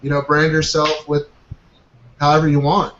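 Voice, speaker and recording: A man with a slightly high voice hosts a casual group call, encouraging and upbeat. He fills his talk with plenty of "you know" asides. The call audio sounds dull and roomy, with a faint hiss behind him. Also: monotone, normal speed. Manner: upbeat, encouraging, with many fillers. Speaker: host of a marketing coaching group call.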